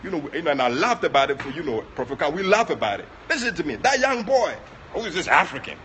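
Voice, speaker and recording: A man with a Ghanaian accent preaching during an online prayer session, moving between soft asides and loud, passionate exclamations. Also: on the high side, big pitch swings, fast, a little hiss or hum. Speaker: prophet leading online prayer. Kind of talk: sermon.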